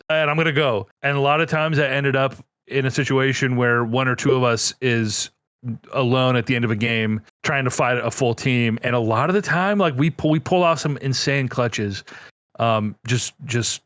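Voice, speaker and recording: A man's voice: medium pitch, fairly quick, no echo, clean studio sound. A man co-hosting a casual gaming podcast, telling a story with lots of energy and some swearing. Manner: animated storyteller, swears freely. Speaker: podcast co-host.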